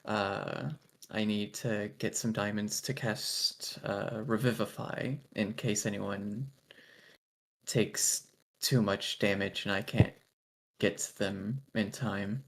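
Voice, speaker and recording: A man playing a tabletop game, explaining his plans slowly and haltingly. His voice is low and flat with a gravelly fry. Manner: slow, halting, many fillers. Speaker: player.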